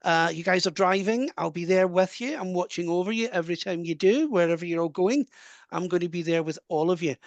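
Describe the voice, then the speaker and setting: A man's voice: high-pitched, no room sound. Scottish male medium, video call, dry close sound, earnest delivery. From Scotland. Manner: warm, earnest, relays messages with quick asides and laughs. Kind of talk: live mediumship reading.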